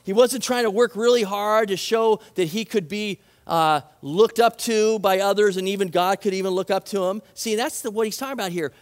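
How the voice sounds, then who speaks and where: A man with a high voice for his sex preaches a sermon to his congregation. He talks in an earnest, conversational way, leaning on repetition to drive points home. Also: normal speed, hardly any pauses. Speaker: pastor.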